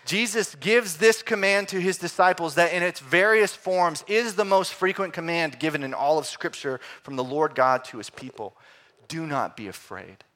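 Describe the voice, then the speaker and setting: A middle-aged man preaches with a slightly high voice. He is animated, rising to loud exclamations and then dropping to hushed, quiet phrases. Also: moderate pace. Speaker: pastor. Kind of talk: sermon.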